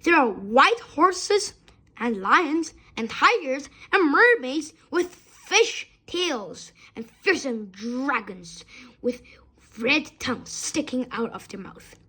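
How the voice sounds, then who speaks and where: A woman's voice: high-pitched, big pitch swings, slow pace, pushed and bright. A woman reading a children's story aloud expressively, with small slips.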